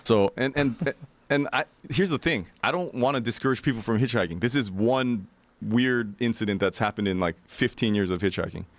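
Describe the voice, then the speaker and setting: A man's voice: medium pitch, normal speed, no room sound. A man telling a wild hitchhiking story in a casual, profane way, acting out what people said. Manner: animated, profane, acts out quotes.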